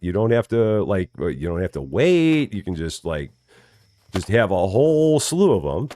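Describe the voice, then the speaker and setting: A man with a low, deep voice whose pitch still swings widely as he talks through a farming game on a live stream. He chats with viewers, greets them by name and often repeats himself. The sound is dry and close, with no room echo. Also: a little mellow. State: still waking up, early morning. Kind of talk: casual live-stream commentary.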